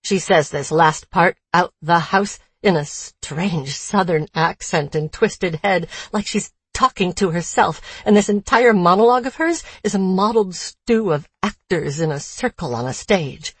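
A woman narrating a dark thriller in the first person, with a tense, wry storytelling manner. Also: fairly low pitch, measured pace, hardly any pauses, slightly rough, no echo.

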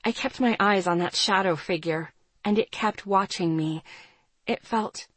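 A woman's voice: medium pitch, moderate pace, a bit bright, slightly rough, no room sound. A woman reading a first-person story aloud in a tense, dramatic way. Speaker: narrator. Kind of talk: first-person audiobook narration.

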